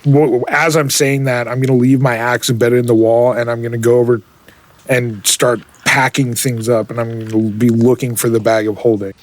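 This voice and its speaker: A man's voice: medium pitch, flat delivery. A man playing a tabletop role-playing game, describing his character's actions with growing intensity. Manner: intense, rising fast when worked up. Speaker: player.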